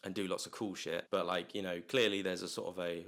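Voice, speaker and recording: A low-pitched man chats through a film review, looping back on himself with restarts and loose filler words. He keeps the tone loose and jokey, like a casual video blog. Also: little pitch movement, fairly quick, hardly any pauses, fairly bright tone. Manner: rambling, many restarts and fillers, jokey asides. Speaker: movie reviewer. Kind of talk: casual rambling movie review.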